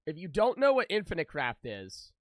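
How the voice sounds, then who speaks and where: A man's voice: a little high, huge pitch swings, moderate pace, no echo. A young man streaming, chatting loosely with his viewers, joking and swearing freely. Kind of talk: casual live-stream chat with viewers.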